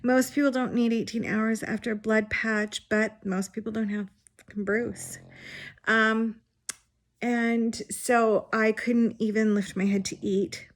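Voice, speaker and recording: A woman's voice: on the high side, steady tone, unhurried. Frank woman in her forties. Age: 40s. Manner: frank and unfiltered, with swearing and wry laughs. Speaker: vlogger sharing her illness story. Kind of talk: candid personal storytelling.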